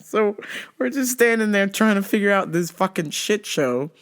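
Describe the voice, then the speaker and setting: Profane, animated woman storyteller. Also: medium pitch, moderate pace. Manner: profane, animated, laughs often, acts out quotes. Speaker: podcast host. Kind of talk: comedic storytelling.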